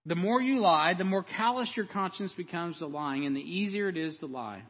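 Bright, high-voiced impassioned preacher man. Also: lively intonation, moderate pace. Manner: impassioned, swinging between loud emphasis and hushed storytelling. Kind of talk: sermon. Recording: dull, echoey hall.

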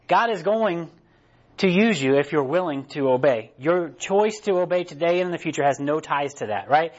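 A pastor with a fairly high, lively voice delivers a casual, conversational sermon at a normal pace, checking in with "right?" again and again. The recording sounds muffled.

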